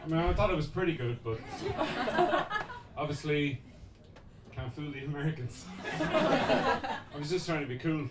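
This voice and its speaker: Playful Irish comedian bantering in a pub. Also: male voice, a little high, big pitch swings, moderate pace, long pauses. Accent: Irish Midlands. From Ireland, Midlands. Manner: playful, self-mocking banter with the crowd. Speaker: stand-up comedian. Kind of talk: stand-up comedy set. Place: small pub comedy room. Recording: echoey room from far off with loud audience noise. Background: audience laughter.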